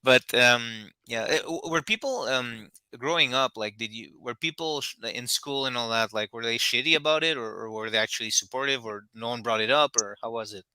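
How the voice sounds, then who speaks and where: Bright-voiced man hosting a talk show. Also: mid-range voice, clear, resonant tone, no echo. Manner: halting, restarts often, many fillers. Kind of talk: casual interview chat.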